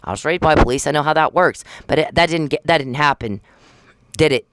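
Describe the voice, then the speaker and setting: A woman's voice: sits low, fairly quick, smooth, no echo. A woman in her fifties from the United States, delivering an angry, profane, accusing rant straight to the camera. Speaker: vlogger. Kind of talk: angry direct-address rant.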